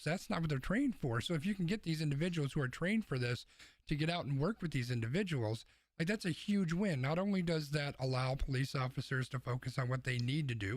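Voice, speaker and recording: A man's voice: fairly high pitch, no room sound. Blunt, opinionated male podcast co-host. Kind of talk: casual news discussion.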